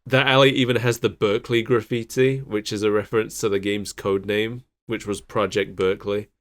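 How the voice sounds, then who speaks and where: A man's voice: lowish voice, level tone, normal speed, fairly bright tone. Guy cohosting a chill podcast, laughs a lot, lists voice actors. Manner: laughs often, recites cast trivia. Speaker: podcast co-host. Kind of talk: casual chat.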